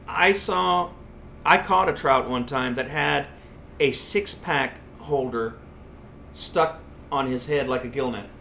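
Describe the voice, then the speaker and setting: A man's voice: medium pitch, takes it slowly, creaky, sharp tone, slight background noise. A man, a fishing columnist, telling stories in a casual podcast chat with emphatic repeated phrases. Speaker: saltwater columnist.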